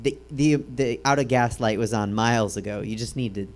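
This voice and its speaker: A man, a regular on a comedy talk show, dropping dry, unhurried quips. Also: medium pitch.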